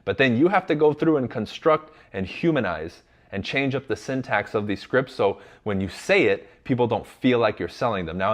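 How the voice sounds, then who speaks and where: A man giving blunt, emphatic coaching to his audience, speaking directly and sometimes swearing. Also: fairly low pitch. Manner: blunt and emphatic, addresses the audience as "you guys"; drops into casual swearing. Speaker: sales coach. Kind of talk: direct motivational instruction.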